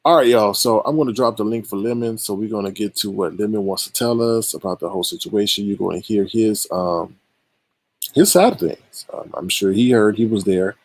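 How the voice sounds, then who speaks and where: A man's voice: on the low side, brisk. A man hosting a live stream, giving casual and exasperated commentary on online drama straight to his viewers.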